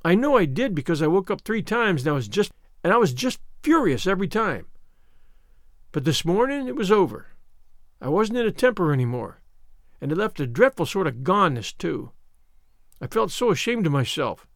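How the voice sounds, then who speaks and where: A dramatic young orphan girl, voiced by a man reading a storybook aloud, pleading in earnest, overblown bursts. Her voice sits high and leaps all over the place. The recording is close and dry. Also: very animated, normal speed, dry recording. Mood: sulky, ashamed. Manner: earnest, breathless, theatrical pleading. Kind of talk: audiobook character reading.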